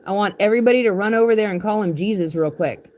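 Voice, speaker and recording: A woman's voice: mid-range voice, quick pace, darkish tone, lightly acted. A woman doing a crafty, scheming leader. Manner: slangy, offhand. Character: crafty adult male leader, scheming and casual.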